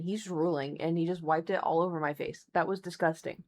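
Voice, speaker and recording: A young woman talks into a desk microphone at home during a live stream. She tells a story in a chatty, animated way, with quick asides. Now and then she breaks off to talk to her cat. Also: lowish voice. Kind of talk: casual storytelling to live chat.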